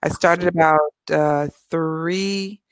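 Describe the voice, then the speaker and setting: A woman's voice: sits low, steady tone, slow pace, no room sound, low-quality recording. A woman from California with a Californian American accent, an English tutor chatting upbeat and easily in an interview. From California, USA. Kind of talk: casual interview.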